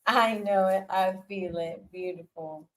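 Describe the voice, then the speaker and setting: A woman's voice: mid-range voice, measured pace, rough recording. A woman giving a casual live tarot reading, speaking straight to the viewer. She laughs often, repeats her encouragement, and swears casually. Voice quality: animated, laughs often, warm encouraging repetitions. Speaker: tarot reader.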